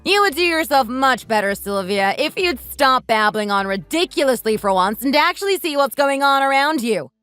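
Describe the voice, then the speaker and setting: A defiant young daughter-in-law, voiced by a woman reading a texting story who fires back cutting, sarcastic retorts. Her voice sits high and moves a lot. It is recorded close and dry. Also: lively intonation, normal speed, hardly any pauses, fairly bright tone, clean tone, no room sound. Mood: mocking.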